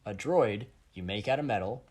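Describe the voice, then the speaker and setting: A man's voice: lowish voice, expressive, normal speed, a little mellow, husky. Dry teasing guy cohosting a podcast, chatting over the phone. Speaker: podcast co-host. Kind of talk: casual chat. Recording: phone call audio.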